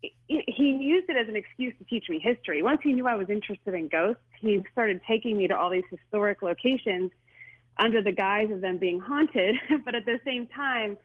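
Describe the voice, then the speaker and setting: A woman's voice: mid-range voice, moderate pace. A woman guest on a call-in radio show, talking earnestly about ghosts with frequent small laughs and restarts. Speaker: paranormal guest. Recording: phone-like narrow band.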